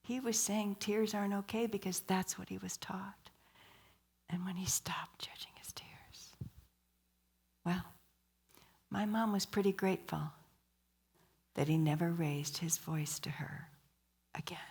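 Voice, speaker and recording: A woman's voice: mid-range voice, fairly even intonation, a little slow, creaky, long pauses, a little mellow, slightly rough. A woman giving a sermon at a church, telling stories, asking the audience questions and dropping to a whisper for emphasis. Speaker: guest speaker.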